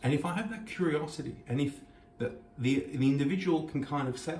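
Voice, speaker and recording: A man's voice: fairly high pitch, brisk, few pauses, darkish tone, a little hiss or hum. A man giving an earnest, reflective talk on a scripture passage, reading Hebrew verses and explaining them. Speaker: host. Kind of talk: reflective Torah teaching. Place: kitchen. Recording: echoey room, mic at a distance.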